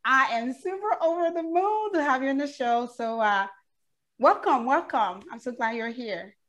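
Upbeat woman host, higher than average, excitable and chatty. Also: normal speed. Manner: upbeat, enthusiastic, laughs often. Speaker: show host. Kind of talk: casual chat.

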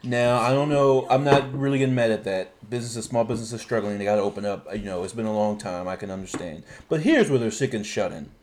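A man hosting a casual podcast chat, animated and building into exasperated rants. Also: fairly low pitch, quick pace, hardly any pauses. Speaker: podcast host.

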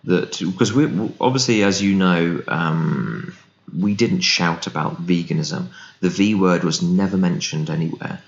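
Deep-voiced man telling lively stories. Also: measured pace, gravelly. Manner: animated storyteller, acts out quoted voices. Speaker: business founder, guest. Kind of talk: casual interview chat. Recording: roomy, dull remote recording.

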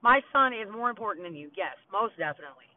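A woman's voice: medium pitch, animated, quick pace, no room sound. Brief: foul-mouthed woman ranting with stray asides, phone-quality sound. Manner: blunt, heavy swearing, rambling asides. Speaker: podcast host. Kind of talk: casual storytelling monologue. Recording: tinny phone-like audio.

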